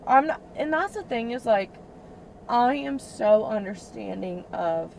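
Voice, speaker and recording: A woman's voice: fairly high pitch, animated, measured pace, creaky, darkish tone, poor audio. A woman in her twenties, a rideshare passenger, venting in a heated, profane, filler-heavy way during a casual chat inside a car. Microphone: in-car cabin camera. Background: faint vehicle road noise.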